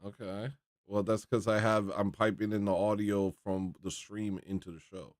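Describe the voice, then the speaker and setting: A man's voice: lowish voice, flat delivery, normal speed. A male livestream host talking casually and bluntly, with an indignant, rambling manner.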